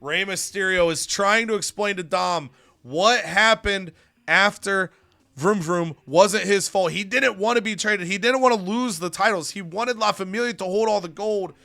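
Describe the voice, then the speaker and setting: A man's voice: high voice, normal speed, vocal fry, sharp tone, dry recording, clean studio sound. A man narrating a wrestling management game story with dramatic, commentary-style delivery.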